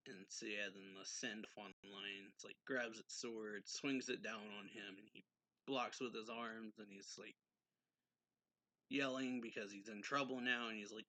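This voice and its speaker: A man's voice: on the low side, steady tone, measured pace, pauses often, bright, forceful tone, dry recording. A man casually recapping a manga chapter, rambling along with lots of filler words and an offhand manner.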